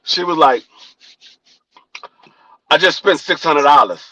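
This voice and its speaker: A man's voice: on the high side, slow, no echo, low-quality recording. A young man from Washington, D.C., speaking with a D.C. accent, telling a story in casual podcast chat and acting out the lines of everyone in it. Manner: animated storyteller acting out quoted dialogue, profane. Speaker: podcast co-host.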